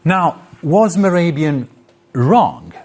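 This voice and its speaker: A man's voice: fairly high pitch, huge pitch swings, very slow, a little mellow, husky. A man lecturing to an audience in a hall, explaining his points with spoken examples and shifts in intonation. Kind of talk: live lecture.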